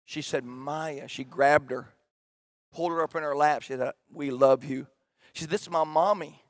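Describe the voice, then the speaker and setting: A middle-aged pastor preaches in a high, ringing voice. He shouts his key points, then drops to a hushed tone for personal stories. The sound is dry and close, with little room around it. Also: normal speed, no room sound. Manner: swings from shouted emphatic preaching to quiet storytelling. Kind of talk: sermon.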